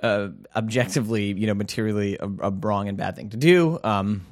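Joking podcast co-host, dry mic. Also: male voice, on the low side, brisk, no room sound. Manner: jokey, rambling with fillers. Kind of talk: casual podcast chat.

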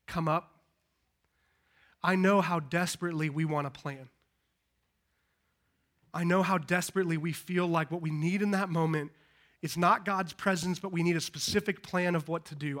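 A man giving a live Christmas sermon as pastor in a church, preaching emphatically, swinging from loud to hushed, into a handheld microphone. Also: high-pitched. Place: church service.

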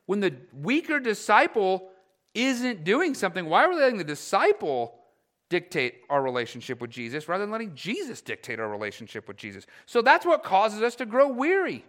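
A male pastor delivers his sermon with a high, bright voice. His pitch swoops widely as he presses his points bluntly and acts out the grumbles of his congregation. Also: a little fast. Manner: animated, blunt, acts out grumbling church members in quoted voices.

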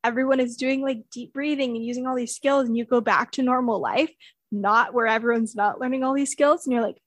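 A woman with a fairly high voice speaks earnestly in a relaxed conversational way, filling pauses with frequent "um"s as she explains. The sound is dry and close, with no room around it. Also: no echo. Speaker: guest sharing therapy experience.

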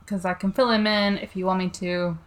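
A woman's voice: mid-range voice, little pitch movement, a little fast. A woman playing in a tabletop game, speaking casually in and out of character. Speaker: player. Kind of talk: tabletop role-play chat.

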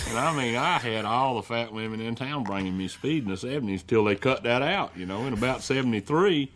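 A man's voice: mid-range voice, animated, brisk, few pauses, a bit bright. A man telling a crude, boastful story in a played clip.

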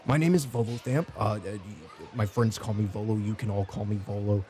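Man doing a pompous explorer voice, high and strained, effusive, loud and bright, theatrical, tabletop game character. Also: steady tone, fairly quick, a little hiss or hum, lightly acted. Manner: effusive showman who plugs his own books. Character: excitable, pompous middle-aged male explorer and author.

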